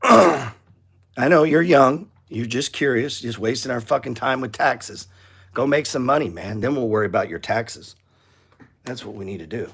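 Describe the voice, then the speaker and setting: A middle-aged man talks through stock charts on a live stream, blunt and profane. He lectures viewers bluntly and with open impatience. His voice sits at an ordinary middle pitch. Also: gravelly, fairly bright tone, slightly rough. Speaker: trading show host.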